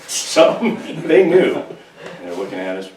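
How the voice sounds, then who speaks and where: A man from California, a pastor, preaching a humorous, conversational sermon with animated storytelling. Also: low voice, moderate pace. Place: church sanctuary. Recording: echoey church room, distant mic, faint hiss.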